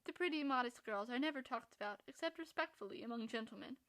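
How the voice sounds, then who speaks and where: A woman voicing a charming, playfully mocking young gentleman in a storybook reading. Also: on the high side, animated, quick pace. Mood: teasing.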